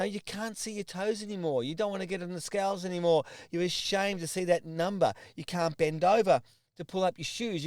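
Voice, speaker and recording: A man's voice: fairly high pitch, darkish tone, dry recording, studio quality. A middle-aged Australian man, a personal trainer, giving an earnest motivational talk to camera, repeating himself and restarting his sentences. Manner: earnest, repetitive, with restarts and acted asides.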